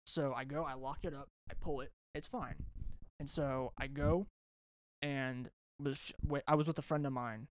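A man's voice: medium pitch, moderate pace, smooth, no room sound. Young man telling a rambling story. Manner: rambling, animated, swears a lot, many restarts. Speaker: podcast host. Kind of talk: casual storytelling chat.

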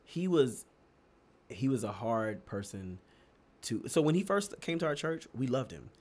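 A young man from Texas telling stories in a casual chat, animated and laughing often, his pitch leaping up for emphasis. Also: a little slow. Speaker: podcast co-host.

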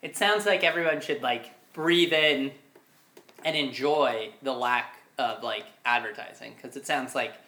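A man co-hosting a casual podcast, talking in a quick, exasperated rant. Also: medium pitch, bright, forceful tone, echoey room. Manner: ranting, exasperated, fast-talking. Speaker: podcast co-host.

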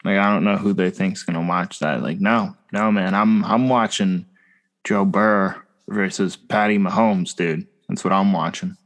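A young man talks sports with a friend in a loose podcast chat. His voice sits on the low side. He is animated and slangy and often talks over his co-host. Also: moderate pace.

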